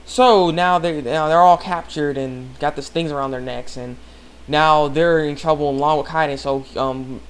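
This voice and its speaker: A man's voice: fairly high pitch, steady tone, moderate pace, clear, resonant tone. Eager young man recapping an anime episode. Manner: rambling, eager, laughs often. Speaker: anime reviewer.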